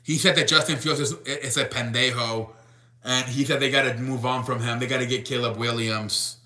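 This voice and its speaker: Bright young man chatting on a live stream. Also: medium pitch, fairly even intonation, moderate pace. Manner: rambling, restarts, reads chat aloud. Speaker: sports show host. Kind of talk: casual live-stream chat with viewers.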